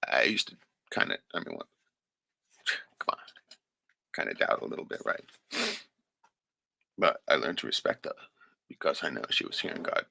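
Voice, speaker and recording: A man's voice: rumbling low, big pitch swings, moderate pace, creaky, long pauses, bright, forceful tone, dry recording. A man hosting a livestream, speaking an emotional, unscripted monologue in a raw, profane way, often tagging sentences with "right?". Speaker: livestream host.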